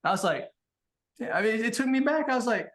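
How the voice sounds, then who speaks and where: A man in casual podcast conversation, blunt and animated, swearing freely as he tells stories. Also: very high-pitched, brisk. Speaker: podcast guest.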